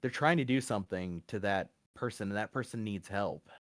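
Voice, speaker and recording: A man narrating as game master, relaxed, with frequent fillers and easy laughs. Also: lowish voice, a little fast, no room sound, clean studio sound.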